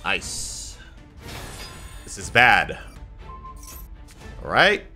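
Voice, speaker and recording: Lively young man commentating his gameplay. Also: mid-range voice, moderate pace. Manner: chatty, excitable, jokey self-talk. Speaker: YouTuber playing a card game. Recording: faint music behind.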